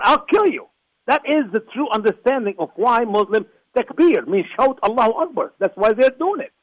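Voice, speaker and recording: A man from Egypt, a guest giving forceful, repetitive, preacher-like commentary on a religious talk show. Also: extremely high pitch, big pitch swings, normal speed, no room sound, rough recording. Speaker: guest, ministry founder.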